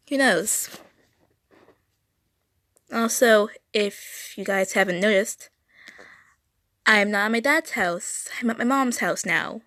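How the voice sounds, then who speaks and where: A woman's voice: medium pitch, a bit bright, no room sound. Rambling young woman streaming her drawing. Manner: rambling, stuttering, self-correcting. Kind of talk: casual drawing livestream chat. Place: home room.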